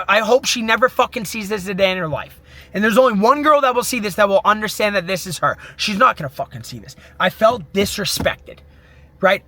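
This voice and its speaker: A man's voice: high voice, bright, forceful tone, no echo. A young man in his twenties, a mindset coach, giving an intense, profane motivational monologue full of self pep talk.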